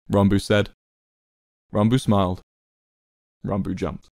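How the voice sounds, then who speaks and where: A man reading a story aloud in a measured, steady narration. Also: on the low side, no room sound, studio quality.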